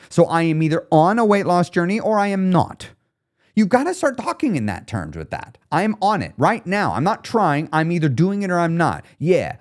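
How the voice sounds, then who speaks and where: A man hosting his own podcast, coaching listeners directly in a casual, blunt, slangy solo monologue. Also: a little high. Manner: animated coaching, talks straight to the listener; laid-back, slangy and blunt. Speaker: weight loss podcast host.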